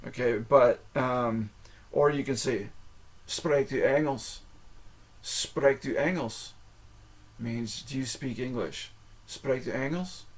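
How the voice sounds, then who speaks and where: Host: American man, mid-pitched, casual and halting, filler-heavy phrase practice. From United States. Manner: halting, repeats phrases, sprinkles "like" and "um". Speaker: podcast host. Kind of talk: casual language-learning monologue.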